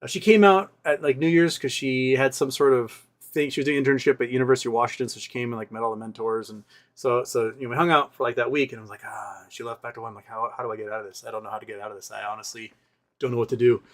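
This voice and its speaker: A man's voice: medium pitch, quick pace. A male host rambling through a personal story in casual talk, often acting out what other people said. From Seattle area. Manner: rambling, animated retelling with quoted voices.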